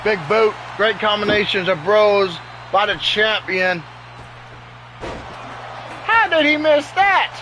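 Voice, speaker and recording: A man giving excitable play-by-play commentary over a wrestling video game at home, often exclaiming in alarm. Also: sits high, slow, pauses often, a little hiss or hum, poor audio. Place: home with sleeping dogs nearby.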